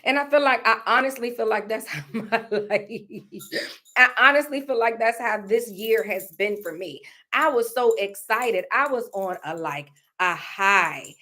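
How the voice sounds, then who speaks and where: A woman's voice: fairly high pitch, measured pace, pushed and bright. A woman, talking to her viewers in a casual, reflective way about faith and feelings, often repeating her phrases. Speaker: vlogger. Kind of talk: casual personal vlog talk. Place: indoors at home.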